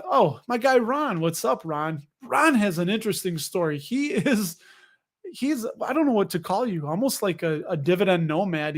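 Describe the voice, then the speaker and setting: Chatty, high-voiced man riffing on stocks. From United States. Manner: rambling, joking, sarcastic asides. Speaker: dividend investing channel host. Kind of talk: casual livestream chat reading viewer comments.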